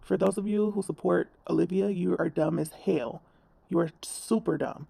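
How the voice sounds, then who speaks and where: A woman's voice: fairly low pitch, moderate pace, creaky, mellow, no room sound. A woman commentator ranting bluntly in a reaction video, scolding and swearing.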